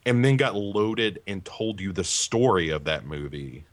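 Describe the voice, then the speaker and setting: Slow, wry low-voiced man. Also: animated. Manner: wry, meandering, halting. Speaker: podcast co-host. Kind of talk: casual podcast chat.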